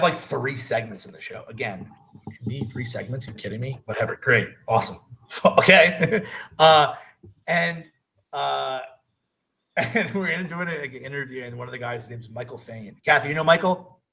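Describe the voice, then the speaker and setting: A man guesting on a wrestling talk show, telling stories in a casual, animated way and laughing often between lines. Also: medium pitch, moderate pace, creaky, low-quality recording. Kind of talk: casual storytelling chat.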